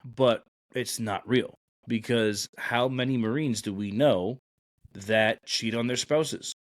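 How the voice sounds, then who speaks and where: Taking his time, a Marine recruiter from Brooklyn tells stories on his podcast in a blunt, meandering way, peppering his casual chat with "like" and "you know." His mid-range voice is captured in studio quality without any room sound.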